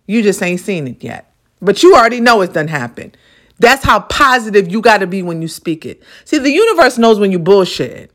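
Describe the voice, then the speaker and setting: A woman's voice: medium pitch, big pitch swings, moderate pace. A woman hosting a podcast, giving a motivational monologue in an emphatic, repetitive, profane, preacherly way. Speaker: podcast host.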